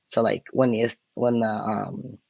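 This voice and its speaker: Low, gravelly man explaining casually. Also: fairly even intonation, measured pace, a little mellow, no echo, lo-fi sound. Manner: explains points, then demonstrates intonation by example. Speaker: podcast co-host.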